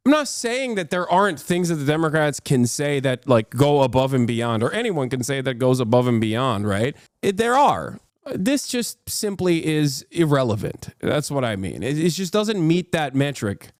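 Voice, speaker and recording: A man's voice: fairly high pitch, very animated, normal speed, no echo, clean studio sound. A man giving heated, profane political commentary on a live stream.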